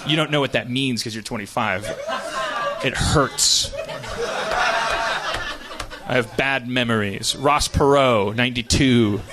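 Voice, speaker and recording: A man's voice: mid-range voice, unhurried, pauses often. A middle-aged man hosting a live comedy podcast, rambling in casual chat with many stammered restarts and chuckling asides. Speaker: podcast host. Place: live stage show.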